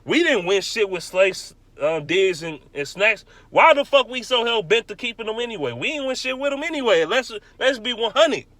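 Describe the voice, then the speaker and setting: A young man on a heated, profane rant, his voice pitched high and pushed hard. He hammers his points by repeating them. The sound is close and dry, with no room around it. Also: expressive, moderate pace, hardly any pauses, fairly bright tone, no room sound. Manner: angry, blunt, repeats himself for emphasis. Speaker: sports fan vlogger.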